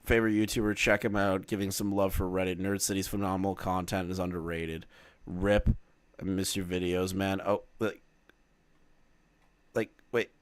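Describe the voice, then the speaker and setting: A man commenting casually on a live stream, swearing often, reading documents aloud and breaking into loud exclamations. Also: low voice, level tone, normal speed, clean tone, dry recording.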